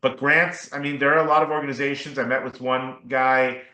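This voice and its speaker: A man's voice: mid-range voice, little pitch movement, brisk, pushed and bright, echoey room, low-quality recording. A man speaking as an attorney guest on a podcast interview, explaining in an earnest way and often checking in with "right?" and "okay?".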